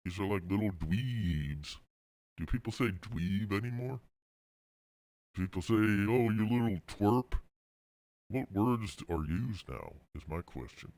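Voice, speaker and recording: Brief: male podcast host, slow and very deep, rambling profane rant, dry sound. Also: lively intonation, a little mellow, no room sound. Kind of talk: casual comedic rant.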